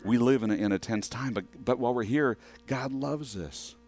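A man's voice: medium pitch, quick pace, a little mellow, faint music behind. A man preaching a sermon in a conversational way, often asking the congregation questions. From western United States.

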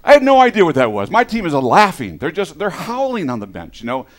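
A middle-aged male pastor preaching a casual sermon, telling stories in an animated, self-deprecating way and slightly out of breath. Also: a little high, a little fast.

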